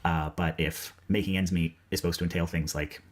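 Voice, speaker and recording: A man from New England speaks as a video essayist delivering a personal update. He is hesitant and soft-spoken, with frequent pauses and fillers. His voice is very deep. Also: little pitch movement.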